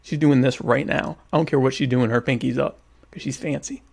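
His voice is medium-pitched, steady, creaky and somewhat dark, and he speaks briskly. At home over a meal, this livestream host keeps up a casual, joking chat, teasing viewers in a self-mocking way.

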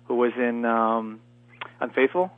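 A man's voice: medium pitch, fairly even intonation, unhurried, no room sound. A native French-speaking man from Canada, a guest actor chatting casually in an interview with many fillers and restarts. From Canada, near Montreal. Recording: tinny phone line, dry.

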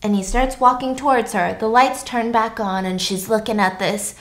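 A young woman casually retelling a novel's plot, chatty and expressive, slipping into character voices. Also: a little high, normal speed. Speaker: podcast host retelling a novel. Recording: echoey room.

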